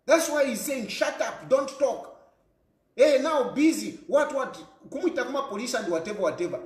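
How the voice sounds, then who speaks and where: A man's voice: high-pitched, reverberant. A Zambian man giving an impassioned political monologue, firing off repeated rhetorical questions and switching between English and a local language. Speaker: political commentator.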